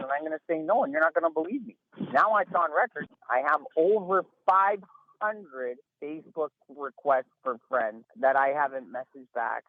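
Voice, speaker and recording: A man's voice: fairly high pitch, normal speed, no room sound. A man speaks through a tinny phone line in a dry, close recording. He talks in an emphatic, rambling way and sounds worn out with exasperation. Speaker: interview guest. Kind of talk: casual phone interview. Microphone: phone call.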